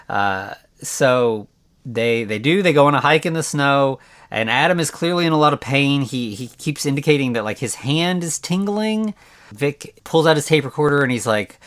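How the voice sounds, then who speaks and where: Man, solo podcast host, casual movie recap, rambling, conversational, mid-pitched voice. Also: animated, normal speed, fairly bright tone. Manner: rambling and conversational, heavy use of "like" and restarts.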